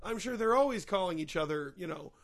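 A man's voice: sits high, animated, fast talker. A man co-hosting a comedic podcast in casual chat, rambling and hedging with lots of fillers. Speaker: podcast co-host.

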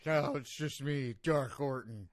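A man doing a slow, deep-talking brooding wrestler. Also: no echo, studio quality, natural voice. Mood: menacing. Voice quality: lisp. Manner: slow, deliberate, forced low voice. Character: brooding male wrestling villain, slow and menacing.

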